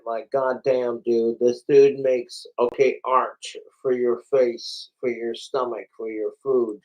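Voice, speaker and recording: A man livestreaming in a casual, rambling, excitable way, a bit tipsy and slurring from alcohol, swearing often. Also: medium pitch, takes it slowly, hardly any pauses, poor audio.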